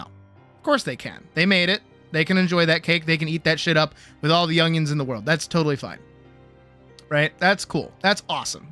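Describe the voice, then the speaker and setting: A man with a high, bright voice is teaching art on a casual stream. He is blunt, cheeky and profane, and faint music sits under his talk. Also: no room sound, clean studio sound. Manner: blunt, teasing, profane, lecturing with playful bravado.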